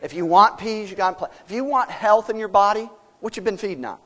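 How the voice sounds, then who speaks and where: Pastor guy preaching, kinda high voice, folksy and punchy, lots of questions. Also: fast, few pauses, a bit bright. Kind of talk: sermon.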